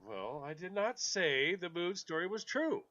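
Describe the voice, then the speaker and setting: A man hosting a talk radio show in casual chat, animated, with stammered restarts, who mimics other people in quotes. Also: high voice, a little slow, crowd noise. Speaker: radio host. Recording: dull lo-fi radio audio.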